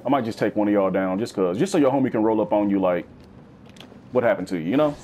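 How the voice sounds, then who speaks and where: A man giving casual, slangy let's-play commentary, swinging between high yelps and low growls. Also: very fast, slight background noise. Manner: animated, slangy, swings into high-pitched bits and deep growls. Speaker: gaming YouTuber.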